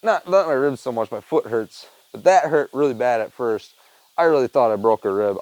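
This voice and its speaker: A man's voice: mid-range voice, fairly quick, a little mellow, no room sound, rough recording. A man chatting loosely to his camera at home, rambling, swearing and laughing as he tells a story. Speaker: vlogger. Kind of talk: casual rambling chat to camera.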